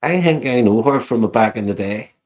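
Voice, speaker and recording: A man's voice: mid-range voice, animated, moderate pace, a little mellow. A man chatting on a live stream, teasing others crudely and swearing constantly. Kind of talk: casual chat.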